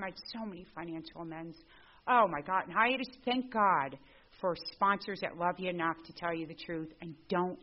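A middle-aged woman telling her recovery story to a group. She is a lively storyteller who acts out the dialogue. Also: on the low side. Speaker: speaker at a recovery meeting. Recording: dull lo-fi recording.

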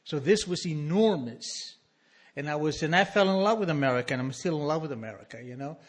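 A middle-aged man with an Argentine Spanish accent tells a story to a live audience, animated and self-mocking. His voice sits fairly high for a man and is husky. He is heard through a stage microphone. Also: quick pace.

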